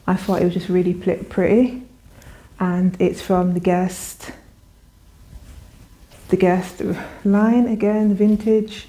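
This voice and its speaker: A woman's voice: mid-range voice, fairly even intonation, slow, pauses often, dark tone. A woman vlogger talking casually and enthusiastically through a clothing try-on haul, often restarting her sentences. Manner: chatty, enthusiastic, with frequent restarts.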